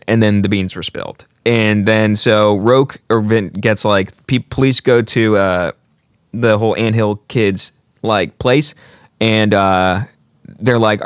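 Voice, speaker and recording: A man's voice: lowish voice, steady tone, a little slow, clean tone, no echo, studio quality. A man co-hosting a podcast who tells a true-crime story casually, with profane and joking slang. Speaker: podcast co-host.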